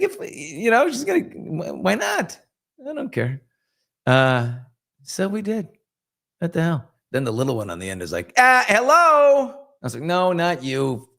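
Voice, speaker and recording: A man's voice: fairly high pitch, vocal fry, fairly bright tone, breathy edge. A man in his fifties hosting a casual live chat, reading viewer comments and telling candid, rambling stories. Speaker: host.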